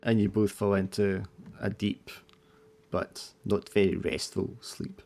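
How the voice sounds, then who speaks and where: A man's voice: on the low side, little pitch movement, takes it slowly, gravelly, a little mellow. A man narrating a tabletop horror game as game master, describing scenes with loose fillers like "uh" and "like".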